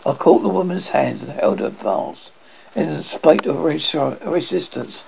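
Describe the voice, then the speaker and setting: A man's voice: on the high side, big pitch swings, moderate pace, creaky, slightly rough, dull audio. A man narrating a classic horror story in a tense, earnest reading.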